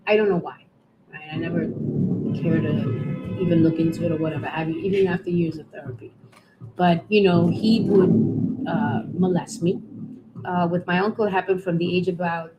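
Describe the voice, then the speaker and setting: A middle-aged woman giving a candid, halting personal testimony as a guest, often restarting her sentences. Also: fairly low pitch, background noise. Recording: music playing behind.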